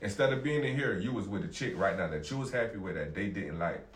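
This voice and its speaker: A man's voice: low voice, expressive, fast. A man in a casual group debate, blunt and insistent, asking the same questions again and again. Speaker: panel member. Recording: roomy echo, mic a bit far.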